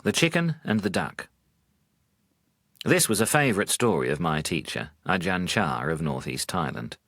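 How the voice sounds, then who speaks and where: A Buddhist monk telling wry teaching stories in a deep, low voice. His pitch rises and falls animatedly for the punchlines. The recording is dry and close. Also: big pitch swings, fairly bright tone, no room sound. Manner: dry humor, measured. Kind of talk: storytelling talk.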